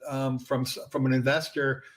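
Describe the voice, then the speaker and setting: A man, a franchise founder and guest, explaining his business in a casual interview and filling pauses with "you know". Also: medium pitch, little pitch movement. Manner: conversational, filler-heavy with frequent "you know".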